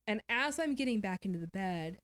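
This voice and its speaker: A woman's voice: medium pitch, expressive, a little fast, a bit bright, dry recording. A woman guest author telling a personal story in an interview, candid and somber, often quoting what others said.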